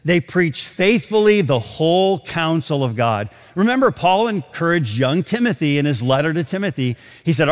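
A man preaching a sermon in a large auditorium, emphatic and full of rhetorical questions, slowing down to stress key phrases. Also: fairly high pitch, sing-song, in a large hall. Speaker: pastor.

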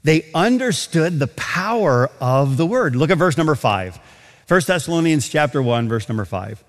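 Lively preacher in a big auditorium. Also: male voice, on the high side, moderate pace, long reverb tail. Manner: expository preaching with emphatic scripture reading. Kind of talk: sermon. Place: large auditorium.

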